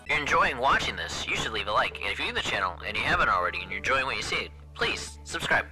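A man's voice: medium pitch, very animated, fast talker, pushed and bright. A man doing casual let's play commentary, joking, swearing and talking to the game's characters while his voice is going. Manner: joking, sweary, talks to the game. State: losing his voice. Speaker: gaming YouTuber. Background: faint game music.

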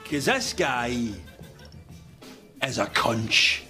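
A man playing a loud, mocking Scottish "real guy" who rants about how people talk, with a Scottish accent. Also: mid-range voice, very animated, drawn-out words, soft background music, pitched below the performer's own voice, heavily acted. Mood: outraged. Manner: mocking, ranting, mimics pronunciations. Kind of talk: sketch comedy acting.

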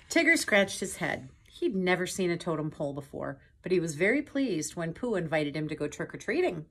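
A woman's voice: fairly low pitch, sing-song, fairly quick, hardly any pauses, fairly bright tone, a little hiss or hum. A woman hosting a children's story time, reading a picture book aloud with chatty asides to young viewers. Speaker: storyteller host.

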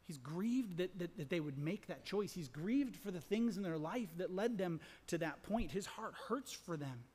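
A middle-aged man preaching a sermon as pastor, impassioned, repeating phrases, swinging from loud emphasis to hushed whispers. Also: sits high, lively intonation, normal speed, few pauses, slightly rough. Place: large church sanctuary. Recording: long church reverb.

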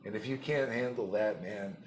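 A man's voice: lowish voice, normal speed, a little hiss or hum. A man giving a rambling, blunt spiritual talk, mocking and laughing often. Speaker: spiritual teacher. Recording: echoey room.

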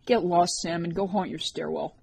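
A woman's voice: on the low side, steady tone, normal speed, creaky, a little mellow, breathy edge, no echo. A woman voicing an irritated, exasperated teenage boy. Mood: dismissive.

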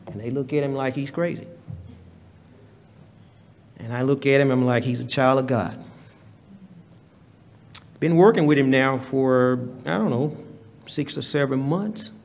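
A man preaching a sermon in a church, leading a prayer and telling stories in a slow, deliberate manner. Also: medium pitch, darkish tone. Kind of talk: sermon with hymn singing and prayer. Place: church sanctuary. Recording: reverberant church hall.

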